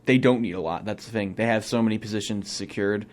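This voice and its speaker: A young male co-host talks football in a small studio, voice sitting a little low. He is opinionated and thinks out loud, restarting sentences as he works through his view in a loose, casual chat. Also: quick pace.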